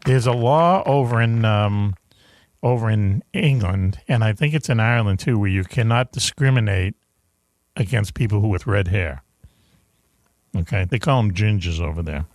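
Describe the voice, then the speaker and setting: A man's voice: on the low side, moderate pace, darkish tone, no room sound. A man hosting a casual podcast chat, joking, laughing often and stumbling over fillers as he moves through a list. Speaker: podcast host.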